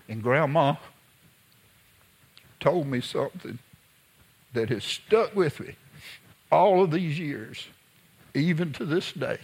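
A man's voice: on the high side, animated, a little slow, pauses often, slightly rough. Folksy preacher, storytelling man. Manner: folksy, conversational, drops to a hush when telling a story. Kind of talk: sermon with personal storytelling.

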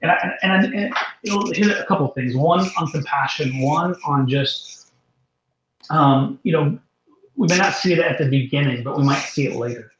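Male guest, animated storyteller, slightly high voice, echoey and muffled call audio. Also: normal speed, a little hiss or hum. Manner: animated, repeats and restarts words. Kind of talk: storytelling testimony.

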